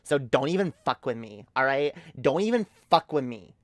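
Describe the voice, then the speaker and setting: A woman's voice: extremely low pitch, expressive, moderate pace, no room sound. A woman putting on the voice of a snobbish, bratty young valley girl who makes boastful, profane threats. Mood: bratty threatening.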